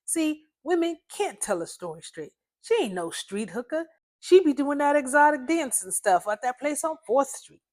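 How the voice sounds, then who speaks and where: A woman's voice: high voice, sing-song, moderate pace, darkish tone, voice pushed up. A woman voicing Seth, a cocky, brash young man in a story reading. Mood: boastful.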